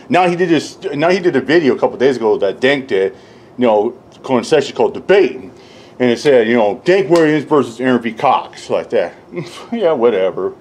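A man ranting casually and profanely, rambling and mocking others, often laughing and mimicking them in high voices. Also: a little mellow. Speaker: YouTube commentator. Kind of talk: casual rant.

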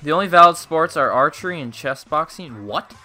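A man's voice: a little high, lively intonation, fairly quick, pushed and bright, soft background music. A young man chatting casually with his viewers while he plays, joking and rambling between matches. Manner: joking, rambling, talks to chat while playing. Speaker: gaming livestreamer. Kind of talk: casual gaming livestream chat.

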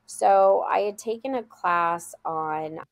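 A woman who guides children at a school tells a story in an interview, speaking slowly in an earnest, heartfelt way. She repeats phrases to drive her point home, and her low voice has a gravelly edge.

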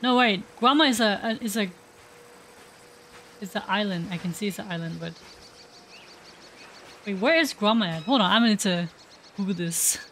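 A woman streamer giving casual, excitable reaction commentary on a game, swearing and laughing often. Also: mid-range voice, normal speed, long pauses, slight background noise. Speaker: gaming streamer. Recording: background music under voice. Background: background music.

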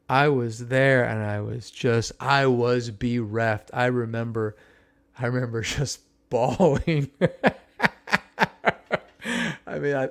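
A man in his fifties from the San Francisco Bay Area, hosting a podcast and telling a nostalgic story in an animated, exclamatory way. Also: mid-range voice, creaky. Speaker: podcast host.

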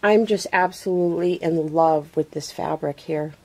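A woman talking casually to her camera at home, gushing with excitement, exclaiming and gasping, with soft breathy asides. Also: low-pitched, normal speed. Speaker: craft vlogger. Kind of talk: casual unboxing chat to camera.

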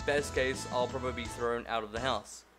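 A man playing a game aloud, reading its first-person narration and breaking off into loud, profane jokes and rants. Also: medium pitch, steady tone, moderate pace, over music. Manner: profane, loud joking outbursts. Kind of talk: let's-play commentary and first-person narration.

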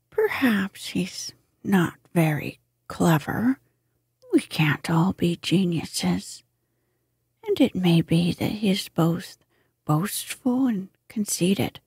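Lady whispering as a cheery good-natured water rat, whispered role-play, super slow and breathy, dry close sound. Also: on the low side, a little mellow, no echo, heavily acted. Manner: hearty and eager.

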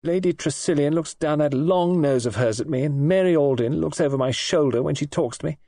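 A man's voice: on the high side, brisk, dark tone, dry recording, studio quality, voice pushed up. A man voicing a sulky, spoiled young wife. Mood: resentful. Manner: coaxing, sulky, lightly raised voice.

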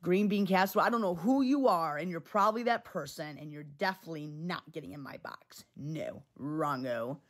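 A woman's voice: on the low side, lively intonation, a little fast, hardly any pauses. Blunt, heated woman streamer. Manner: heated, blunt, repeats herself; swears freely. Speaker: livestream host. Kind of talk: casual livestream talk to chat.

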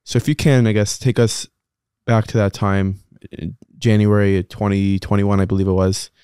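A man's voice: fairly low pitch, little pitch movement, moderate pace, warm tone, clear, resonant tone, no echo, studio quality. A man hosting a podcast interview in a chatty, casual way with many fillers and restarts. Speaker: podcast host.

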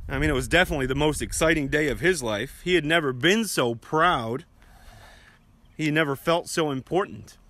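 Gentle man telling a children's sermon. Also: fairly high pitch, normal speed, no room sound. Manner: gentle, questioning storyteller. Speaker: children's message leader.

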